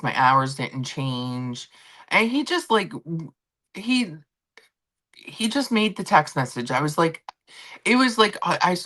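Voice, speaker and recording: Woman streamer host, low voice with lots of swing in it, chatty storyteller at home. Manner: chatty, animated storytelling with acted-out quotes. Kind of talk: casual chat. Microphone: laptop and phone setup.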